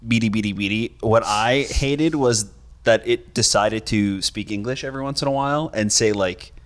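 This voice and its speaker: A man's voice: mid-range voice, normal speed. Easygoing podcast co-host, man. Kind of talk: casual chat.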